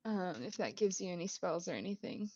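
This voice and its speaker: A woman's voice: on the low side, animated, fairly quick, dark tone, no room sound. A woman narrating as dungeon master of a tabletop game, rambling with fillers and laughing often. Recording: dull lo-fi mic.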